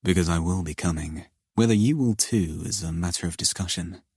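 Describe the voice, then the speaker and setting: Man doing a bossy possessive husband, super deep hushed voice, flat and dry. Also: fairly quick, slightly rough, no room sound. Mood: commanding hush. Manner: low, hushed, commanding.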